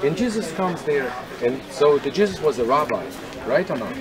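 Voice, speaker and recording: A man's voice: on the high side, animated, normal speed. Man guiding a tour outdoors. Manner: conversational, questioning the listeners. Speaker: tour guide. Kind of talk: guided tour talk. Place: outdoors at a historic site. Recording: outdoor recording with crowd noise. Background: crowd chatter.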